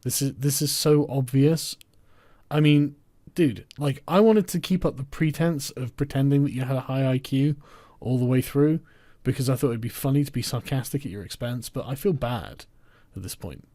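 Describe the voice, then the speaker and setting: A man's voice: medium pitch, normal speed, mellow, no echo. Man, sarcastic commentator, scornful and combative, dry close sound.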